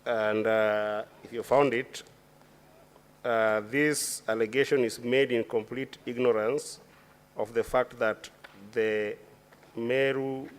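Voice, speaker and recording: A man, a senator questioning a witness at a formal impeachment hearing. He speaks deliberately and legalistically, often restarting his sentences. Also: medium pitch, steady tone, clean tone.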